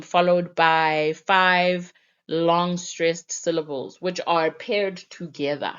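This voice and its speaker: A young woman teacher explaining literary techniques in a patient, careful lesson. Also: on the low side. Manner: patient, explanatory, slow-paced. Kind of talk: lesson narration. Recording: dull lo-fi recording.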